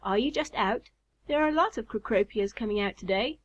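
A sociable male moth from a children's storybook calls out brightly as he flutters past, voiced by a woman reader. He sounds friendly and chatty. The recording is a little dull. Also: on the high side, animated, normal speed. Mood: cheerful. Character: cheery passing male moth.

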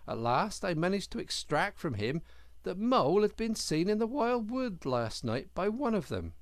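Man voicing a hearty otter, cheerful, breezy, raised voice, very animated. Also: high-pitched, moderate pace, no echo, voice pushed up. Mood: cheerful, excited. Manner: breezy, excitable storytelling.

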